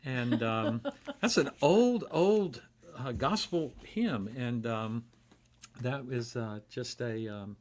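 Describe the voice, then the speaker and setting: A man giving a relaxed, conversational devotional talk in a church, with frequent pauses and fillers. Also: mid-range voice.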